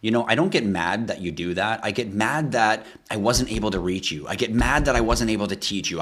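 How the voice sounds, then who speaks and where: On a casual crypto livestream, a man rants with passion, swearing often, firing off rhetorical questions and pleading with viewers. His lowish, slightly rough voice is fairly bright and animated, racing along with hardly any pauses.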